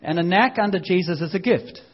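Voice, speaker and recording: A man preaching a lively, conversational sermon, acting out voices and now and then shouting. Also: sits high, brisk, muffled recording, a faint crowd.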